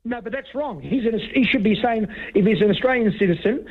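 Over a tinny phone line, a man calls in to a talkback radio show in a heated exchange. His high-pitched voice is animated and a little fast, and he rambles, stumbles, and often talks over the host.

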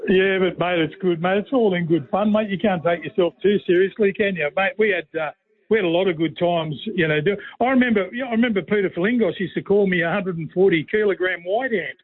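A man's voice: high voice, fast, dry recording. Australian man on a tinny phone line. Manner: rambling, folksy, says "mate" constantly. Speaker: radio guest, former player and commentator. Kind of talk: casual storytelling chat.

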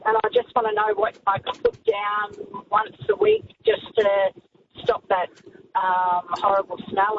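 A woman phones in to a radio show and asks her questions hesitantly, pausing often. Her voice is high and swings around, with a gravelly rasp. It comes over a thin phone line with clear hiss behind it. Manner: hesitant, with many ums. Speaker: caller.

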